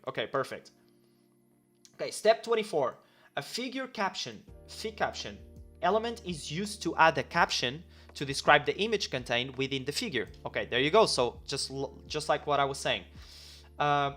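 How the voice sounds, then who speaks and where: A man's voice: on the high side, fairly bright tone. Man self-correcting streamer thinking aloud over faint music. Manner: talks himself through each step, reads instructions aloud, corrects himself often.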